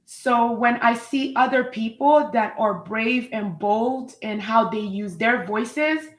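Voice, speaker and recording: A woman's voice: a little high, slow, roomy sound, rough recording. A woman hosting a live online talk show, effusive and upbeat as she introduces her guest. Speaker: host.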